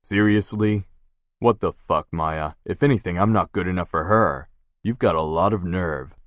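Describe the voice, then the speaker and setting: A gruff, guarded young tattoo artist, as a narrator voices him, curt and quick to swear. The voice sits very low and deep, close to the reader's own, and the sound is dry with no room around it. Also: male voice, no room sound, natural voice. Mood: annoyed.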